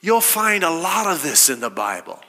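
A man's voice: fairly high pitch, big pitch swings, normal speed, bright, forceful tone, long reverb tail. A man preaching a sermon, quoting scripture and asking his listeners rhetorical questions with emphasis.

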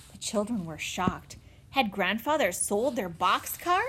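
A woman reading a children's chapter book aloud in an expressive, animated way. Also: medium pitch, unhurried, breathy edge. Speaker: narrator. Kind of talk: storybook read-aloud.

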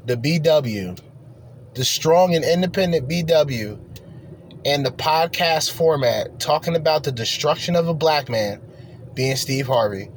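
A man's voice: a little high, expressive, measured pace, a little hiss or hum. A man hosting a reaction commentary, ranting in a profane, confrontational way. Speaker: commentary host.

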